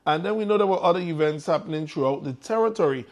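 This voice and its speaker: A man hosting a morning show in an energetic, hyped-up manner. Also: fairly high pitch, fast talker. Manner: energetic, hyping up listeners. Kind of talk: upbeat morning show chat.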